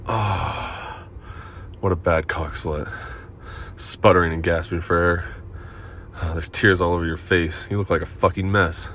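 A man performing an erotic audio role-play in a dominant, commanding and profane manner, with breathy moans between lines. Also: deep voice, fairly even intonation, unhurried, pauses often, a bit bright, a little hiss or hum.

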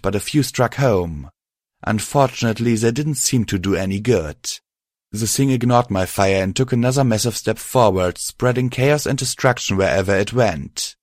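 A man reading first-person fan fiction aloud in a steady, measured way. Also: lowish voice, dry recording, studio quality. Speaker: narrator.

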